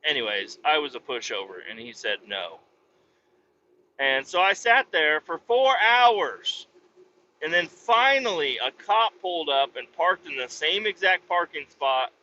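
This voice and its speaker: A man's voice: on the high side, expressive, a little slow, sharp tone, muffled recording, a little hiss or hum. A man hosting a podcast, telling a rambling, profane anecdote with casual restarts. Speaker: podcast host. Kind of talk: casual storytelling.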